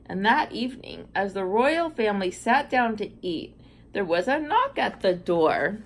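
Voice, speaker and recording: A woman's voice: medium pitch, very animated, a little slow, very noisy. A woman reading fairy tales aloud to viewers, breaking off for chatty asides and reactions. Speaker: storyteller.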